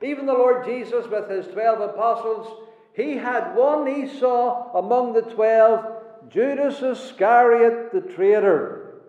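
A man preaching a sermon in a church, measured and emphatic, repeating his key phrases. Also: very high voice. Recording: echoey hall on a tinny, phone-like line.

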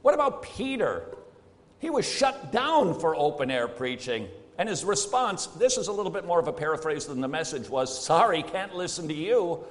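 A man's voice: a little high, very animated, moderate pace. Man, sermon, emphatic, plain-spoken, rhetorical questions, long church reverb. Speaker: preacher.

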